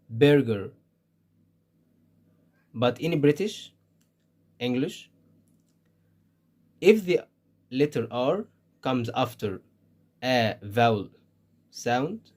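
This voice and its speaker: A man's voice: medium pitch, darkish tone. A man with an Egyptian Arabic accent, a native Arabic speaker, teaching an English lesson and saying single words with care to show how they sound. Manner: slow, deliberate, stresses single words to model pronunciation. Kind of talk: slow spoken language lesson.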